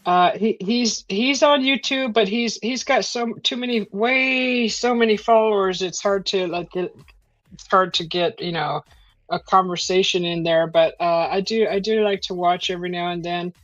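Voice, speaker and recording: A woman's voice: mid-range voice, steady tone, moderate pace, dry recording. A woman hosting a casual live stream from home, reading out chat messages and rambling with many fillers and restarts. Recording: dull lo-fi stream audio.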